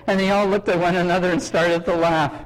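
A man's voice: high voice, a little fast, poor audio. A middle-aged man from Canada preaching a sermon, telling stories with acted dialogue and asking his listeners questions. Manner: animated, acts out dialogue, asks audience questions. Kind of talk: sermon storytelling.

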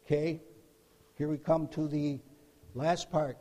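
A man's voice: fairly high pitch, little pitch movement, slow pace, dark tone. A man preaching a sermon, telling a story with emphatic bursts and repeated words. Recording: long hall reverb.

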